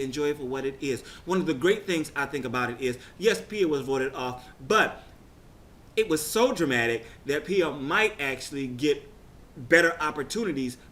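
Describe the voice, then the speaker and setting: A man casually recapping a TV results show, chatty and excitable, rambling with frequent restarts. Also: on the high side, a little hiss or hum.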